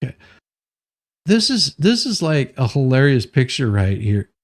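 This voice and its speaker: A man's voice: mid-range voice, sing-song, measured pace. A man hosting a morning news commentary stream, rambling and joking as he reads headlines and goes off on tangents. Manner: rambling, joking, self-interrupting. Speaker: host.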